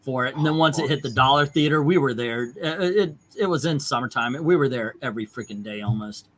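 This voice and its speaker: A man's voice: mid-range voice, a little fast, fairly bright tone, slight background noise. A man hosting a casual movie chat, reading out viewer comments and eagerly retelling favorite scenes. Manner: enthusiastic, retells scenes in detail. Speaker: host.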